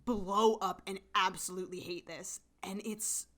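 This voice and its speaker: This podcast co-host is a woman whose mid-range voice stays steady and a little bright, moving at a measured pace. Her discussion of a drama is relaxed and emphatic, and she leans heavily on filler words.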